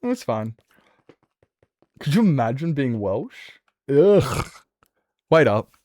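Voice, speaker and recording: A man's voice: mid-range voice, big pitch swings, slow pace, darkish tone, no echo. Joking Australian man on a dry mic. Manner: joking, self-mocking banter with chat. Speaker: streamer. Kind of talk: casual gaming stream chat.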